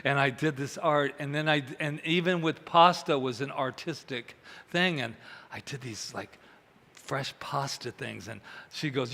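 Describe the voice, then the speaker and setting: Bright-voiced man preaching in an echoing hall. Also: medium pitch, moderate pace, vocal fry. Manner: chatty, animated, acts out quoted voices. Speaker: minister. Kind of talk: conversational sermon with storytelling. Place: church hall. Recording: reverberant hall.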